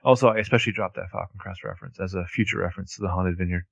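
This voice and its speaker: A man co-hosting a podcast, recapping a TV episode in animated, sarcastic casual chat, full of "like". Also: low voice, rapid-fire, creaky, no room sound. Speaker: podcast co-host.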